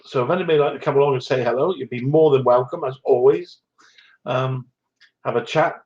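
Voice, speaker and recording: The host of this live stream talks a little fast, with a medium-pitched, darkish voice on dull audio. He reads out live comments in casual chat, greeting people by name with small chuckles while a bit short of breath.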